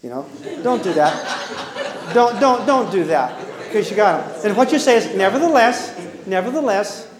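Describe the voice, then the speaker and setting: A man's voice: high-pitched, sing-song, normal speed, pauses often, crowd noise. A man giving a humorous parenting seminar to an audience, folksy and teasing, acting out both sides of little dialogues as he goes. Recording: echoey room.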